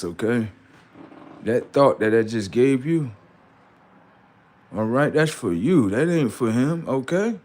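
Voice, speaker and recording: A man's voice: on the low side, a little mellow. A man hosting a livestream, preaching in a confrontational way with rhetorical questions and street slang. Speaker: livestream host.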